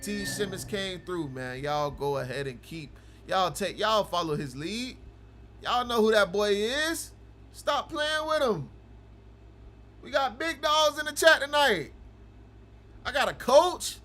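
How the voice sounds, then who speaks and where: A man hosting a livestream, chatting casually with viewers and teasing them, going from low mumbling to loud ranting. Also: a little slow. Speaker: livestream host of a game broadcast.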